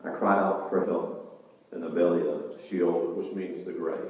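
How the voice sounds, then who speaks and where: A man preaching with real animation, his voice jumping up for emphasis and then dropping low and quiet. He is recorded from a distance in a big church hall, and the sound rings with long, echoing reverb. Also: steady tone, normal speed, highs cut off. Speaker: pastor. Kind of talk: sermon. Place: church sanctuary.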